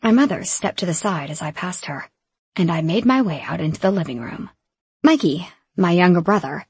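A woman narrating a first-person fantasy audiobook in a measured, even reading. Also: lowish voice, creaky, husky, dry recording. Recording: dry close studio sound.

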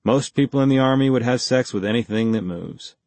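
A man's voice: mid-range voice, fairly quick, a little mellow, no room sound, lightly acted. A male audiobook narrator voicing a terse, guarded former army major who gives clipped, dry answers. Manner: laconic, clipped, dry replies. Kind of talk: audiobook character voice.

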